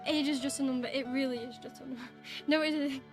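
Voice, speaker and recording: Bubbly high-voiced British streamer woman. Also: fairly even intonation, quick pace, over music. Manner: bubbly, giggly, apologetic, reading chat aloud. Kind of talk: casual live-stream chat.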